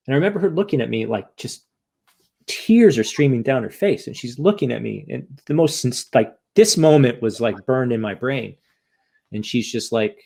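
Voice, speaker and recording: Man, middle pitch with a gravelly edge, open and rambling interview guest. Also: animated, normal speed, a little mellow. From United States. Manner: candid, rambling with many restarts. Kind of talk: emotional interview conversation.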